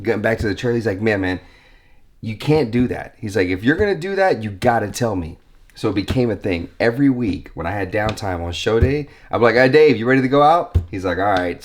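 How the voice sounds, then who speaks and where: Animated man reminiscing over old clips. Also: lowish voice. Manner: animated, acts out quotes of others. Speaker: vlog host. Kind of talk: casual reminiscing while watching old footage.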